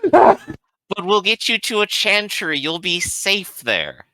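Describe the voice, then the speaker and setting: A man's voice: high-pitched, very animated, takes it slowly, pushed and bright, a little hiss or hum, voice pushed up, exaggerated voice. A man voicing a cheerfully reassuring male adventurer who talks in a patronizing, soothing way.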